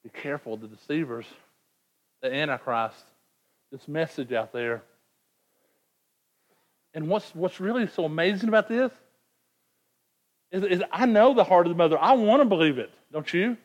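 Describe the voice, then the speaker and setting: A man's voice: on the high side, expressive, moderate pace, long pauses. A man preaching a sermon in an earnest, emphatic way, often repeating words as he presses a point. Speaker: pastor.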